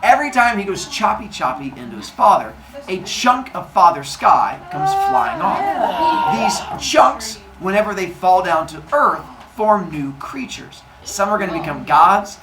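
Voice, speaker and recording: A man's voice: high voice, sing-song, normal speed. A man telling a myth to kids in a playful, goofy way, with silly sound effects. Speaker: storyteller, podcast host. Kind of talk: animated myth storytelling for kids. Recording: echoey room with faint noise.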